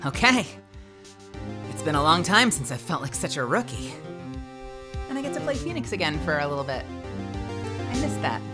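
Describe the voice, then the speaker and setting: A young woman casually commenting on a video game as she plays it, excitable, gushing and chatty. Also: low-pitched, moderate pace, pauses often. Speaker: streamer playing a game. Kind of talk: casual let's-play commentary. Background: game music.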